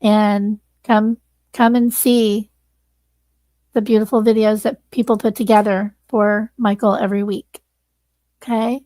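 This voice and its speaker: A woman's voice: mid-range voice, flat delivery, a little slow, long pauses, dark tone, dry recording. A woman hosting a livestream, earnestly thanking viewers and close to tears. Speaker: livestream host. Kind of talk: casual livestream sign-off.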